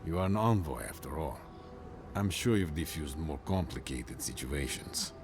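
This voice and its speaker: A man's voice: very deep voice, expressive, normal speed, over music. An actor playing a weary male warden captain bound by his oath, speaking solemnly and measuredly, trailing into near-whispers.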